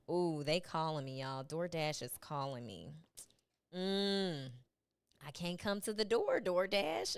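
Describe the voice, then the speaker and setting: A woman's voice: sits low, smooth, dry recording. A middle-aged woman hosting a casual live podcast from home, chatting and laughing with her listeners as "y'all", speaking into a webcam. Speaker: podcast host. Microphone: webcam and earpiece.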